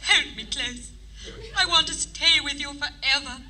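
A woman voicing a swooning heroine in an old romantic radio play, breathy and melodramatic. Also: high-pitched, a little slow, bright, forceful tone, distant mic, heavily acted.

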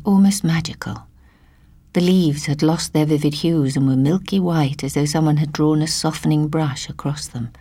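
A woman reading a story aloud in a soft, hushed storytelling manner, often slipping into a whisper. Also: sits low, husky, dry recording. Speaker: narrator.

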